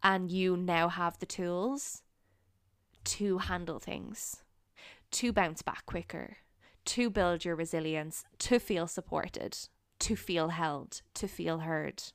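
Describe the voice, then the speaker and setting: A young woman hosting a solo podcast, talking in an earnest, encouraging way with frequent pauses. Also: fairly low pitch, clear, resonant tone, no echo, clean studio sound. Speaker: podcast host. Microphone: studio microphone.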